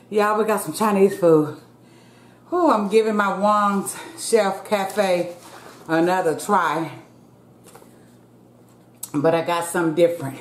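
A woman's voice: fairly low pitch, lively intonation, takes it slowly, pauses often. A middle-aged woman chatting folksily with her viewers while eating lunch on camera, casual eating-show talk. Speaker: mukbang vlogger. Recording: echoey room with faint background hum.

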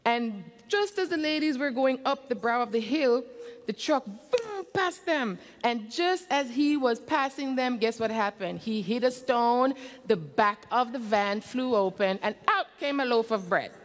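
Woman storyteller, fairly high voice, animated, quizzes the kids, long church reverb. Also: unhurried. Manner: animated, often quizzes the children. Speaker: children's storyteller in a church service. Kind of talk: storytelling to children. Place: church sanctuary.

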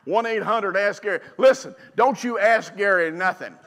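A man preaching a sermon in a church, folksy and fiery, building up to shouts. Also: high-pitched, moderate pace. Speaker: pastor. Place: church sanctuary. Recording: long church hall reverb.

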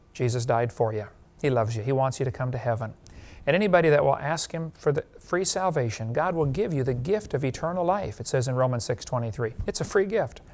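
A man preaching a sermon in a folksy, joking way, then giving a plain gospel appeal. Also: mid-range voice. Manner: folksy storytelling, laughs at his own jokes. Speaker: evangelist preacher. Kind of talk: sermon with jokes and altar call.

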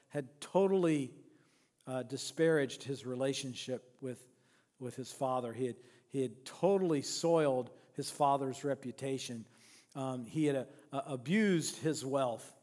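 A man's voice: medium pitch, measured pace, darkish tone. Preaching man in a reverberant church. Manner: storytelling, with rhetorical questions and frequent restarts. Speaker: pastor. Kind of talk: sermon. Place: church sanctuary.

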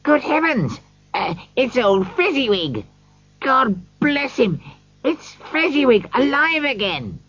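Brief: old miser, excitable, voice jumping high, played by a man; husky, dull audio. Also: takes it slowly, no echo, full character voice. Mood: excited. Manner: excitable, wistful. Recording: dull lo-fi recording.

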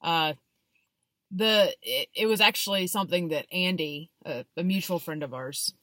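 A woman's voice: on the low side, normal speed, pushed and bright, dry recording. A woman hosting a casual conversation, laughing easily. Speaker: host. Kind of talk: casual chat.

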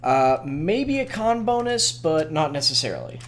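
A podcast co-host with a fairly high, slightly bright voice talks at a moderate pace and is very animated. In a casual chat about tabletop game world-building, he explains fantasy game lore and corrects pronunciation with authority.

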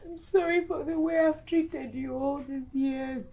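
A woman's voice: high-pitched, steady tone, unhurried, warm tone. A tearful, pleading mother and wife. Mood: tearful begging. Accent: Nigerian English. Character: guilt-stricken mother and wife begging forgiveness. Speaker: actress. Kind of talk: film drama acting.

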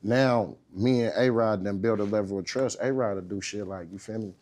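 A man in his thirties telling a story as a guest, relaxed and slangy, swearing freely and often asking "you know what I mean". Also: on the low side, fairly quick, hardly any pauses. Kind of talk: casual storytelling.

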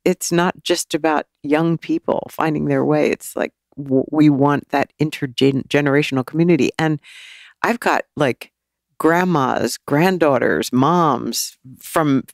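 A woman in her sixties, a teacher and author talking as a podcast guest in an animated, casual way. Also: low-pitched, a little slow, vocal fry, no room sound, clean studio sound. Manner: animated, acts out quoted voices and laughs often.

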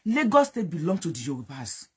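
A deeply raspy, husky voice with a Yoruba accent, delivering impassioned political commentary. The speaker is fervent and accusing, repeats lines for emphasis, and slips back and forth between English and Yoruba. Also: very animated, a little fast. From Nigeria.

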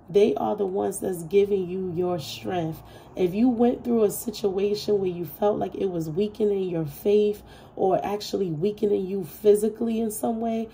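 A woman gives a tarot reading to camera in a relaxed, heartfelt way, repeating soothing reassurances and swearing freely. Her voice is very mellow and dark, with a gravelly edge. Her pitch sits in the middle. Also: a little hiss or hum, low-quality recording. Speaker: tarot reader.

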